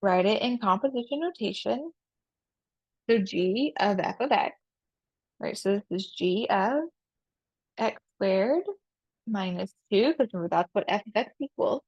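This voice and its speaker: A woman's voice: mid-range voice, lively intonation, a little slow, pauses often, darkish tone, slightly rough, no room sound. A woman teaches a math lesson on video, walking through each step aloud. She poses questions and answers them herself, and she repeats the key rules. Her voice sits mid-range, and the recording sounds dull and dry.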